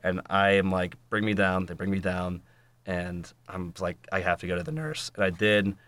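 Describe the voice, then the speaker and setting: Young guy on a podcast, lowish voice, swears a lot, does the voices of people in his story. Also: moderate pace, fairly bright tone, no echo. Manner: swearing storyteller, acts out quotes. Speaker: podcast guest. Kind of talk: casual chat.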